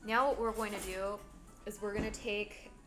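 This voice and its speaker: A woman's voice: medium pitch, steady tone, moderate pace, over music. A woman live-streaming her cooking in a home kitchen. She talks herself nervously through each step and reads viewer chat aloud.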